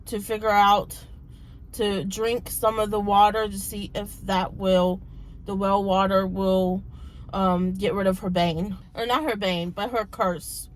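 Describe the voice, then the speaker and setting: A woman in her thirties, a book vlogger, chatting casually and retelling a plot in a rambling way, her voice a little hoarse from talking so much. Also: mid-range voice, level tone, unhurried, slight background noise, rough recording. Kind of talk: casual book vlog chat.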